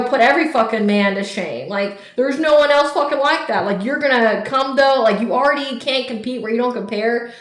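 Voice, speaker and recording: A woman giving a casual tarot reading, talking bluntly and emphatically with lots of swearing and "like". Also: on the high side. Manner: blunt, profane, emphatic, fillers of "like". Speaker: tarot reader. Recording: roomy echo.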